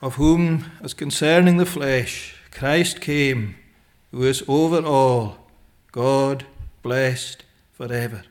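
A man preaching a sermon in a slow, deliberate way, pausing often with "eh" and quoting old scriptural phrasing. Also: mid-range voice.

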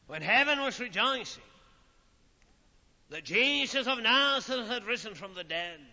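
Slow, solemn male preacher in a hall. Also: very high voice, bright, forceful tone. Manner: slow, solemn preaching with dramatic pauses and falling phrases. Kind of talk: sermon. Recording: old lo-fi recording in a reverberant hall.

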